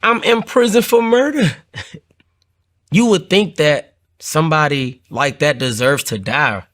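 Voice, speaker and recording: A man's voice: expressive, a little slow, a bit bright. A man telling his own conversion story in an earnest, heartfelt way, often repeating phrases and lifting his voice as he recalls the moment. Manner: earnest, repeats phrases, rises in pitch when moved. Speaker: testimony speaker. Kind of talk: personal testimony.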